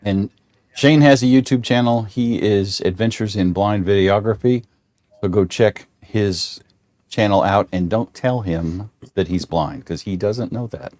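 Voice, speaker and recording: Middle-aged guy hosting a chat stream, low voice, folksy and jokey, dry close sound. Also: unhurried, a little mellow, dry recording. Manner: folksy, joking, rambling with restarts. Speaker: show host. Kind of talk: casual livestream chat.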